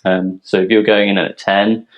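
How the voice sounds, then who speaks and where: A man from a yeast company presenting technical details in a relaxed, explanatory way, with frequent ums. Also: on the low side, normal speed, lo-fi sound. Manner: explanatory, filler-heavy, relaxed.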